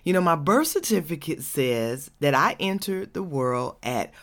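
A woman's voice: sits low, animated, unhurried. A woman from Georgia, hosting her own podcast in a casual, chatty way, laughing often and saying y'all. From Georgia, USA. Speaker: podcast host.

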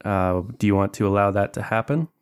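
Lowish-voiced male game master. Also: fairly quick, clean tone. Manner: narrates with frequent fillers and restarts. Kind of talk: narrating a tabletop game.

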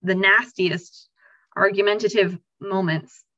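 A woman hosting a conversational podcast, her voice bright and forceful. She asks earnest, reflective questions, heard through a dull, dry recording with no room echo. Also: mid-range voice, steady tone, slow. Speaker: podcast host. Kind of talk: casual conversation.

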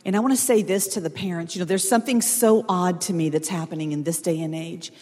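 A woman's voice: on the low side, steady tone, fast talker, mellow. A middle-aged woman speaking earnestly and directly to parents in a sermon. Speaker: pastor's wife. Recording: long hall reverb, faint crowd.

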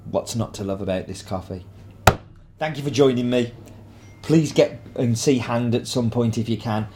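Man, coffee vlog host, enthusiastic, chatty, mid pitch, faint background hum. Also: moderate pace. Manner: enthusiastic, chatty, filler-heavy. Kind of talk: casual coffee tasting vlog.

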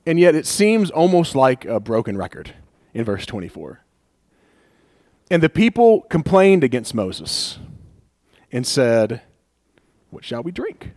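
A man preaching a conversational sermon, animated and acting out people's complaints with laughs. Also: medium pitch, a little slow, pauses often, dry recording. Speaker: pastor.

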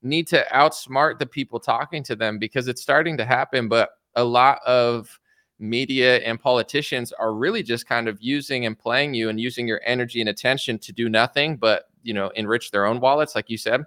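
A man with a bright, forceful voice talks politics in a casual, sarcastic way. He slips into mocking impressions now and then. The sound is close and dry. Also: medium pitch, brisk, no room sound. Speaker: podcast host.

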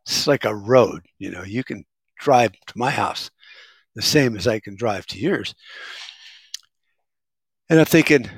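A man's voice: on the low side, expressive, measured pace, gravelly, long pauses, breathy edge, dry recording. A middle-aged man talking in a casual, rambling monologue, sarcastic and wisecracking. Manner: rambling, sarcastic, self-described smartass. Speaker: vlogger.

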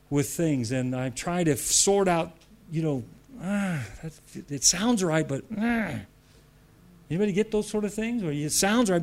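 A man's voice: fairly high pitch, a little slow, a little mellow. A man preaching a sermon with emphatic repetition, laughing between points.

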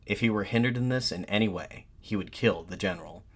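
Man narrator, low voice, measured storytelling, scripted history. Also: husky.

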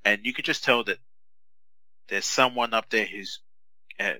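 Bright-voiced man telling gaming stories. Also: fairly low pitch, measured pace, dry recording, low-quality recording. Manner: animated storyteller, acts out other gamers in raised voices. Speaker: podcast co-host. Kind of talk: casual chat.

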